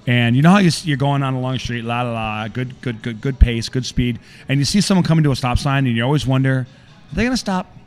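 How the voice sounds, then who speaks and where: A middle-aged man hosting a casual podcast, telling a story with animated acted-out quotes. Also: medium pitch, quick pace, few pauses, soft background music. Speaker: podcast host.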